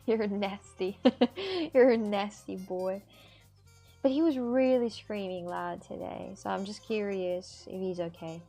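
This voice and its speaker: A woman's voice: mid-range voice, slow, gravelly, dark tone, soft background music. A woman making clay crafts on a live stream, rambling and repeating herself as she talks to her viewers, with a lilt. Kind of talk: casual live-stream chat.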